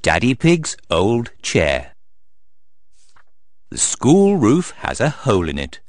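Expressive man reading a storybook aloud. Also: mid-range voice, slow pace. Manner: expressive, sing-song. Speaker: narrator.

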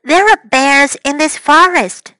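A woman's voice: sits high, slow, pushed and bright, dry recording, pitched above the performer's own voice, heavily acted. A woman doing a worried young boy. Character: young boy Sam, timid then hurt. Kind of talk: storybook reading for children.

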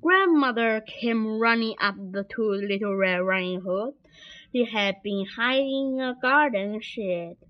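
A woman reads a children's story aloud in a simple, deliberate way. Her voice sits fairly high and she reads slowly. The recording is dull and lo-fi. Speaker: story reader.

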